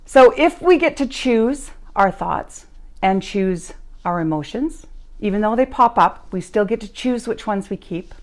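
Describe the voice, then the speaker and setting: A woman gives an upbeat motivational talk over a live stream. Her pitch sits in a middle range. She tells stories and comes back to her main points again and again. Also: lively intonation, a little slow, a little mellow. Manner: upbeat, repeats key phrases for emphasis. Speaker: podcast host and life coach. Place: live stream recorded at home.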